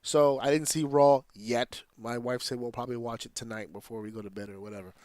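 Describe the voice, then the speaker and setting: A man's voice: medium pitch, fairly even intonation, brisk, darkish tone, no echo. A man hosting a casual podcast, talking in an opinionated, rambling way and swearing freely. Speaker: podcast host.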